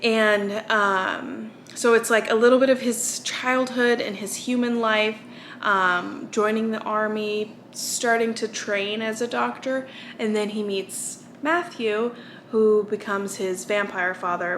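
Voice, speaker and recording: A woman's voice: mid-range voice, steady tone, slow, fairly bright tone, slight background noise. A young American woman vlogging, chatting casually and tired from little sleep, rambling with fillers and restarts. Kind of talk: casual chat.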